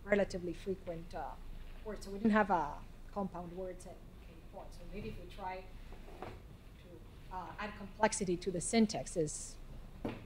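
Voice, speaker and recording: A woman's voice: lowish voice, steady tone, normal speed, a little mellow, slight background noise. A woman lecturer answering audience questions in a lecture hall, talking hesitantly with frequent restarts and "I mean" fillers. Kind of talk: academic Q&A answers.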